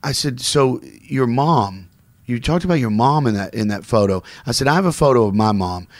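A man chatting casually on a podcast, telling a story with lively acted-out quotes. His voice sits in an ordinary middle register and comes across dry and close to the mic. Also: mid-range voice, moderate pace, dry recording. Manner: animated storyteller who acts out quoted voices.

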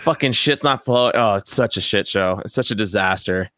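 Bright, smooth-voiced man chatting. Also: fairly low pitch, brisk, dry recording. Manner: chatty, profane, speculating. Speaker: podcast co-host. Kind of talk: casual chat.

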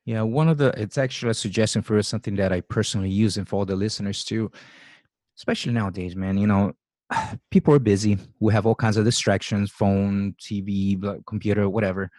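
Low-voiced casual podcast host. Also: male voice, a little fast, no room sound, studio quality. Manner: relaxed, casual, many fillers and acknowledgements. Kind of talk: conversational interview.

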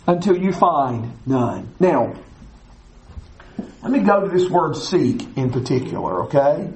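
A man's voice: fairly high pitch, sing-song, slow, vocal fry, darkish tone, low-quality recording. A man teaching verse by verse through a psalm, stressing and repeating key phrases emphatically. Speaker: preacher.

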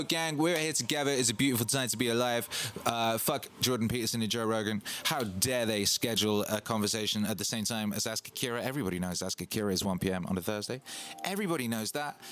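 A man hosting a casual livestream, hyped and boastful, repeating himself and giving shout-outs to viewers. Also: medium pitch, a little hiss or hum. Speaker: livestream host and DJ. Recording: faint music in the background. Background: Christmas music playing.

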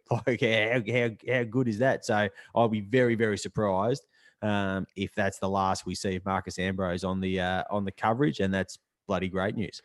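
Talkative, enthusiastic male guest, lowish voice, dry mic. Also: fairly even intonation, moderate pace, no echo. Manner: enthusiastic, talkative, long flowing turns. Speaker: podcast guest. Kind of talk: casual motorsport chat.

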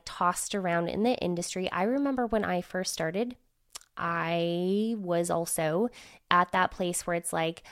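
A woman's voice: lowish voice, dry recording, studio quality. Woman with a nasal, scratchy cold voice. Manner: chatty, candid, with filler words. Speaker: podcast host and business consultant. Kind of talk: solo podcast talk.

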